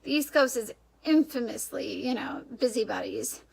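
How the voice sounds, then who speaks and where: A young woman from Wisconsin talks through an advice vlog in a casual, rambling way, with a clear Upper Midwest American accent. Her voice sits high, with a lot of gravelly vocal fry. She laughs often and keeps catching and correcting herself. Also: lively intonation, normal speed, low-quality recording. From Wisconsin, USA. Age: young adult. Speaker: vlogger.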